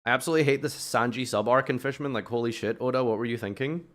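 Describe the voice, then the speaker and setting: A man's voice: medium pitch, fairly even intonation, fast talker, a bit bright. A young British man streaming, chatting casually with a sarcastic, swearing manner. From United Kingdom. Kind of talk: casual chat with chat while playing.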